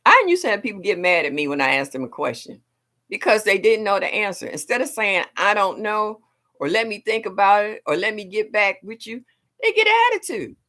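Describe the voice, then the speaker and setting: A middle-aged woman hosting a casual gardening livestream, chatting back to viewers in an animated way and laughing often. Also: medium pitch, brisk.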